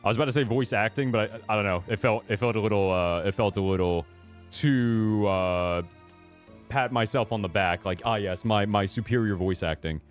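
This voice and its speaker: A man's voice: on the low side, moderate pace, soft background music. A man streaming a game, chatting casually with a joking, self-deprecating manner. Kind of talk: casual gaming stream commentary.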